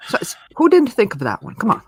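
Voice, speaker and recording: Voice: medium pitch, huge pitch swings, fast talker, husky, no room sound. A co-host rambling through casual chat on a livestream, often restarting sentences.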